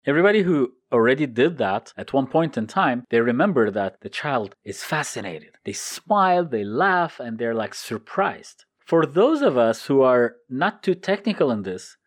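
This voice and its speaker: Lively, expressive male motivational speaker. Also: medium pitch, moderate pace, few pauses. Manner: animated, explains step by step and repeats key lists. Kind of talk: motivational talk.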